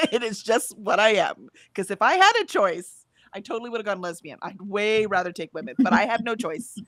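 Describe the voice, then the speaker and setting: A woman's voice: medium pitch, animated, normal speed, fairly bright tone, no room sound. A woman co-hosting a casual livestream, chatting emphatically, laughing easily, and reading out viewer comments. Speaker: livestream co-host.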